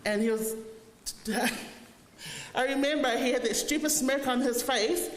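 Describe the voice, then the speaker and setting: A woman's voice: high-pitched, a little slow. New woman telling fond stories. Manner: fond, humorous storytelling. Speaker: family eulogist. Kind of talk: funeral eulogy. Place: church hall. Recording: echoey church hall, faint noise.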